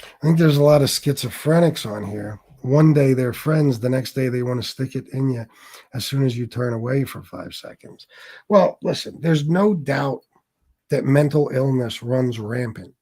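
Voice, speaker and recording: A man's voice: medium pitch, moderate pace, warm tone. A man hosting a casual livestream, talking bluntly with lots of cursing, repeating himself and restarting sentences as he reads chat comments. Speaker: livestream host.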